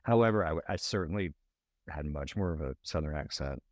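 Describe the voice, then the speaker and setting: Man, from Alabama, extremely low voice, halting, restarts often, dry close sound. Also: no echo. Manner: halting, many restarts, animated pitch jumps. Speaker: documentary director, guest. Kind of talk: casual interview answers.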